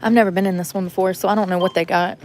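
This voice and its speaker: Very fast and lowish, her voice has a darkish tone and fairly even intonation, with slight background noise. She vlogs casually while shopping in a store, blunt and rambling with viewers and muttering to herself.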